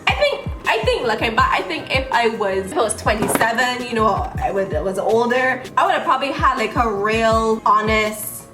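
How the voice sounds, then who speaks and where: A young woman in her twenties with a fairly high voice, chatting through a story while doing her makeup. She talks in an animated, casual way. The room sounds roomy, with music playing behind her. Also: moderate pace, few pauses. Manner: applying makeup while talking. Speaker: beauty vlogger.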